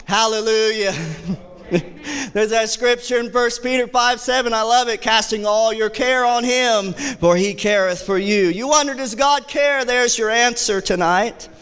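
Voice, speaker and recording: High-voiced impassioned preaching man. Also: fairly even intonation, measured pace, clean tone. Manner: impassioned preaching, repeats phrases, rises to shouts. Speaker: associate pastor. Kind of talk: sermon. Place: church sanctuary. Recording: church hall reverb.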